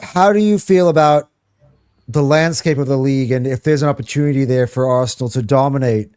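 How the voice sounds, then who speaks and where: A man hosting a football fan reaction show, chatting casually and excitedly, swearing freely and restarting his sentences as he rambles. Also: mid-range voice, a little fast, clear, resonant tone. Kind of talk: casual chat.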